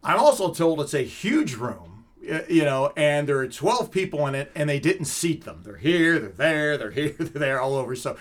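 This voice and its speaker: A middle-aged man, a comedic magician, telling animated stories in an interview and laughing often. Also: a little high, moderate pace, hardly any pauses. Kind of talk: casual storytelling in an interview.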